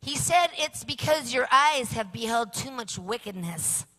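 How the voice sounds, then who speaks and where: A woman's voice: a little high, expressive, a little slow, sharp tone, exaggerated voice. Woman as a matter-of-fact little boy.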